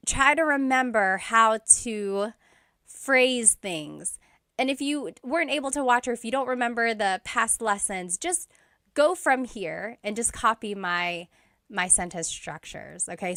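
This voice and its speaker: A woman teaches an online language lesson, taking her time and repeating each phrase slowly so learners can follow. Her voice is bright and clear, recorded close and dry, and she laughs lightly now and then between explanations. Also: medium pitch, no echo.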